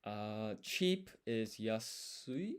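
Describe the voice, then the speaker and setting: A man with a fairly low voice talks through his studying on a casual livestream. He thinks aloud as he writes and explains each step as he goes. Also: expressive, very slow, clear, resonant tone. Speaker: language learner.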